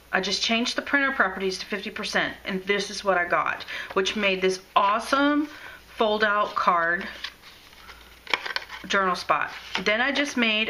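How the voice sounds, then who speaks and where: Her medium-pitched voice sounds bright and forceful as this middle-aged woman, a scrapbooking vlogger, casually shows off her scrapbook journal in her craft room at home. She gushes, with frequent fillers and restarts. The recording is low quality, with a little hiss or hum.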